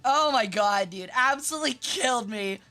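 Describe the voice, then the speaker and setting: Bright, animated young woman streaming games. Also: a little high, moderate pace, faint music behind. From Memphis, US South. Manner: animated, swears freely, laughs and shrieks. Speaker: vtuber streamer. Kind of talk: casual live-stream chat while gaming.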